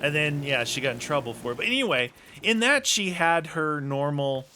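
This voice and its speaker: Easygoing American man with a bright voice. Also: on the high side, animated, normal speed, slight background noise. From United States. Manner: easygoing, rambling, chuckles often. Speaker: co-host. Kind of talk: casual chat.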